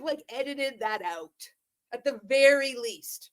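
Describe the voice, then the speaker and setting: A woman's voice: sits high, animated, slow pace. A woman giving sarcastic reaction commentary on a video clip. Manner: sarcastic, laughing, profane. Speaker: commentary vlogger.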